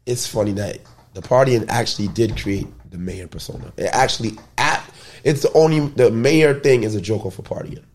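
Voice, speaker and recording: A Bronx man with a lowish voice and moderate pace recounts loose, slangy stories during a casual interview. He's animated and doesn't hold back on profanity.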